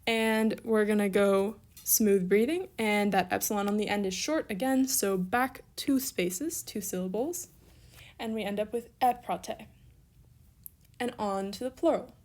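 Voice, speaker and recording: Speaking a little slowly in a mid-range, slightly mellow voice, this young teacher leads a recorded language lesson. She stays upbeat and encouraging while walking through worked examples, offering casual asides and self-corrections along the way.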